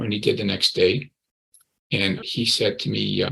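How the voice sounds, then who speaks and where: A man's voice: fairly low pitch, flat delivery, normal speed, vocal fry, pushed and bright, low-quality recording. A man in his sixties, a recovery coach, earnestly telling his personal story in an interview and often repeating his words.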